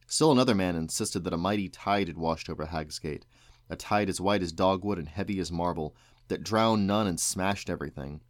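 Man, low voice, measured storybook reading, dry close sound. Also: no room sound. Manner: measured, expressive. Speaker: father reading aloud.

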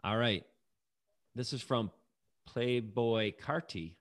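A man's voice: medium pitch, slow pace. A man hosting a casual lyric quiz, reading out lines and answer options and laughing easily. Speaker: quiz host. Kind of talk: casual game chat.

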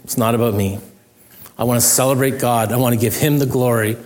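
A man's voice: mid-range voice, fairly even intonation, a little fast, darkish tone. A middle-aged male pastor preaching a sermon in an earnest, conversational way, with self-deprecating humor.

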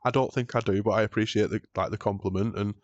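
Lowish British man, chatty podcast host. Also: fast talker, no echo, muffled recording. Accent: British English. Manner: chatty, storytelling, animated when joking. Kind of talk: casual chat.

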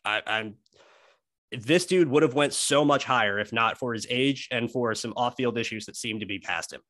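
A man talks football on a podcast, emphatic and animated as he lays out player technique. His voice sits at a middling pitch. The sound is dry and close, with no room around it. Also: normal speed, no room sound. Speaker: sports podcast co-host. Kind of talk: casual football analysis chat.

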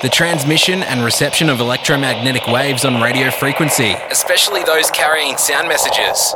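Man, voiceover announcer, slow deliberate read, loud music underneath. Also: rough recording. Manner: slow, deep, measured announcing. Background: music bed.

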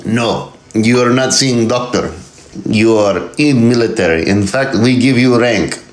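Bossy russian army officer, a guy doing the voice, mock accent, higher than his own deep voice, clipped orders, echoey room. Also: unhurried, natural voice. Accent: mock Russian, broken English. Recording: roomy echo.

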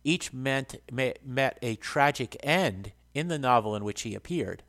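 A man's voice: mid-range voice, animated, a little slow, fairly bright tone. A man hosting a casual book talk, explaining in an earnest way and reading passages aloud. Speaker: host.

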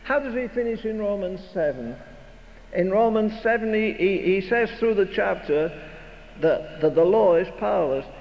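A man's voice: sits high, animated, moderate pace, vocal fry. An older man preaching a sermon with emphatic, rhetorical, repeated phrases. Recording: dull recording in a reverberant hall, faint noise.

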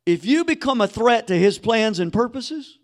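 A man preaching a sermon as pastor, emphatic, dropping to a hush and rising again. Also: very high-pitched, expressive, normal speed. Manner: emphatic preaching, drops to a hushed voice then rises.

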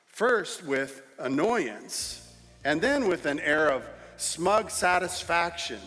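A man preaching a sermon as pastor, telling a story and then reading scripture, with shifting pace and loudness for emphasis. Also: fairly high pitch, animated, slow pace, faint music behind. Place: church sanctuary. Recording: long reverb in a church hall.

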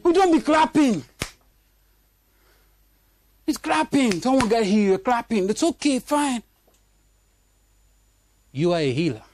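A man preaches to his congregation with a lively, swinging voice. He laughs often, drops low for asides, and draws replies from the room. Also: slow, long pauses, slight background noise. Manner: animated preaching with laughter and call-and-response. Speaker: pastor. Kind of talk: sermon. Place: church congregation.

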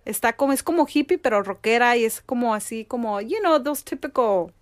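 Animated bilingual woman telling a story. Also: on the high side, quick pace. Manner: animated, acts out quotes, mixes English and Spanish. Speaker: guest. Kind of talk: casual storytelling interview.

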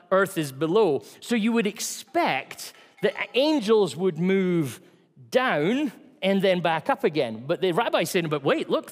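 A man preaching a sermon in a church, telling stories with a varied delivery that drops to quiet asides. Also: a little high, in a large hall.

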